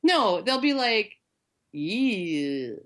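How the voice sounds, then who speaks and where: A woman's voice: a little high, lively intonation, moderate pace, fairly bright tone. A woman on a podcast panel, speaking casually with a sarcastic, mocking edge.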